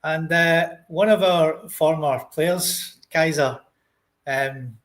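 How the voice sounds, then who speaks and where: Scottish male co-host, slightly higher voice, brisk and conversational. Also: a bit bright. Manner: brisk, steers the topics. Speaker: podcast co-host. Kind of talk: casual football chat.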